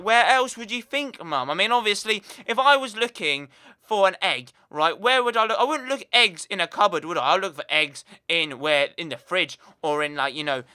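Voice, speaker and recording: A young British man chats through a long anecdote for his gaming channel, rambling and piling on fillers. His voice is very bright and smooth, pitched a touch high. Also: lively intonation, normal speed. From United Kingdom. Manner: chatty, rambling, lots of fillers. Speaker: gaming YouTuber. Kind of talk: casual storytelling over gameplay.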